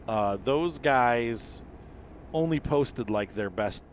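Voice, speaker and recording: A man's voice: mid-range voice, lively intonation, slow pace, a little hiss or hum. A middle-aged man hosting a gaming channel, telling a meandering story in a casual monologue full of fillers and self-corrections.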